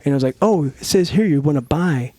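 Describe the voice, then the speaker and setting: A middle-aged man from Northern California, voice sitting a little high, tells a wild story in a loose, profane podcast chat. He laughs through it and acts out the quoted lines as he goes. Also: quick pace, no room sound. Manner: profane, laughing, animated retelling with quoted dialogue. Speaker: podcast guest, former Navy SEAL. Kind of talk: casual storytelling.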